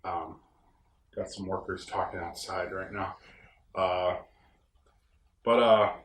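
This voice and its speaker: A man's voice: sits low, fairly even intonation, slow pace, slight background noise. A young man from upstate New York hosting a casual solo podcast, talking in a plain-spoken, rambling, folksy way while recorded in a room on a ranch. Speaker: podcast host. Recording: roomy echo.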